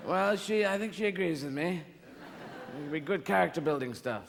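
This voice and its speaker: A man's voice: fairly high pitch, animated, moderate pace, gravelly, noisy background. A man playing God the Father as a grand, lazy old man, doing a famous actor's voice on a live stage. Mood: stern. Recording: live theatre with hall reverb.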